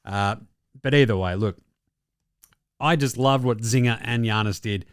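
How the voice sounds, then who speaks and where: A man's voice: medium pitch, a little slow, smooth, no room sound, studio quality. A young Australian man hosting a basketball show, with brash, profane, jokey casual commentary.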